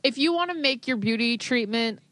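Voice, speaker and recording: A woman's voice: on the high side, expressive, fairly quick, a bit bright. Blunt, casual woman co-host. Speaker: podcast co-host, hairstylist. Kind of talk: casual chat.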